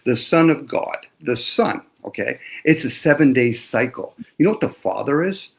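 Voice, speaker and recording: A man in a loose panel discussion who lectures with heavy profanity. He swings between quiet asides and loud, pressing bursts. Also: medium pitch, expressive, moderate pace, creaky.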